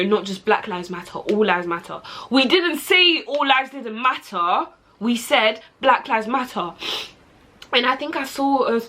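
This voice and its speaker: Husky-voiced young woman, earnest. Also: on the high side, fairly bright tone. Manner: earnest and passionate, rambling with many fillers. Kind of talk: personal vlog monologue.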